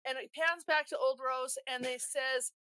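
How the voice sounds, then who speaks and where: A woman's voice: high-pitched, steady tone, moderate pace, pushed and bright, no echo. A woman co-hosting a podcast, casually retelling a movie's scenes step by step with frequent restarts. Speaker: podcast co-host.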